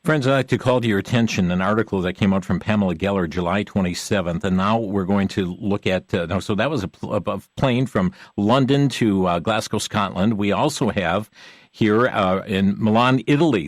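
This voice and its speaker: A man hosting a Christian talk show, folksy and conversational, addressing the viewers as friends, with halting fillers. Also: lowish voice, dry recording.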